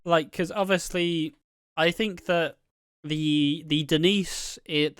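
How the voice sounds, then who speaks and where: A man's voice: mid-range voice, fairly bright tone, smooth, dry recording, clean studio sound. A man casually talking through soap opera theories, rambling and swearing freely. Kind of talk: casual chat.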